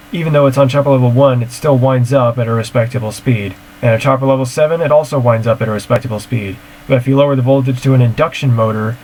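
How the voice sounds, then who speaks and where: With a mid-range, darkish voice and a faint hiss or hum on the recording, a man who creates siren-hobby videos reacts to footage at home. He answers viewer questions in a casual, technical, matter-of-fact ramble, captured by screen recording.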